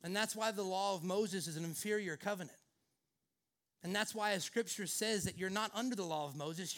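A man's voice: high-pitched, fairly quick, fairly bright tone. A male pastor preaching a sermon in an earnest way, leaning often on the word "actually".

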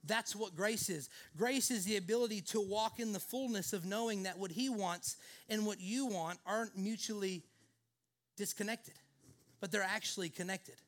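A man's voice: high voice, moderate pace, a bit bright. A male pastor preaching a sermon in an earnest way, leaning often on the word "actually".

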